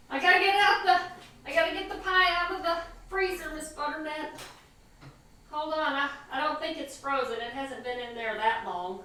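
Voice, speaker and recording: A woman's voice: high-pitched, normal speed, reverberant, background noise. A woman hosting a casual cooking vlog, gushing and sing-song as she talks to viewers from her home kitchen. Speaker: cooking show host.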